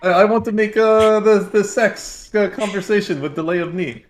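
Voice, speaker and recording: A man's voice: high-pitched, rapid-fire, bright, forceful tone, slight background noise, pitched above the performer's own voice. A man putting on a Russian-style accent with broken English for a game character, a tiefling warlock. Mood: hammy. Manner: broken English, laughing through it.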